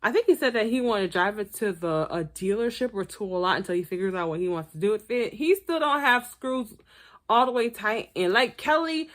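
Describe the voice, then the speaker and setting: A woman giving blunt, profane, animated commentary as she reviews a reality TV episode. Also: mid-range voice, a little fast. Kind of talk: casual commentary vlog.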